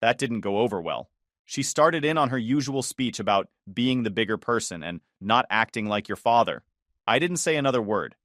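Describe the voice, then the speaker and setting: A man telling a first-person story with dry, sarcastic bite. His pitch moves in a lively, animated way, and the recording is close and dry with no room sound. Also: moderate pace, no echo.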